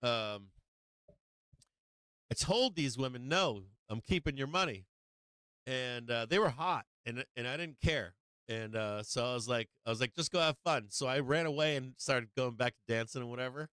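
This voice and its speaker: A man's voice: mid-range voice, normal speed, a bit bright, smooth, no room sound. A man hosting a live stream, telling a casual anecdote in a rambling way, full of fillers, swearing and laughs. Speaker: host of a stock market live stream.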